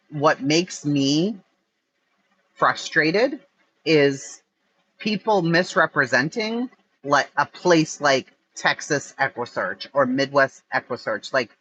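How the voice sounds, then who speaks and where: An older woman hosts a true-crime livestream and rants in exasperation, swearing freely. Her slow, husky voice swings widely in pitch. The sound is dry and dull, like a cheap phone mic. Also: fairly bright tone, no echo. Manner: angry, profane, exasperated ranting. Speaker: true-crime channel host. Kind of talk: livestream rant.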